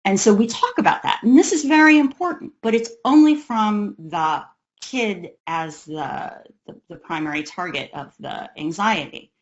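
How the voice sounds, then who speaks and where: A woman's voice: mid-range voice, expressive, normal speed, highs cut off. A woman, the parent of an autistic son, giving an educational talk on autism care in a conversational way, acting out the voices of parents and kids.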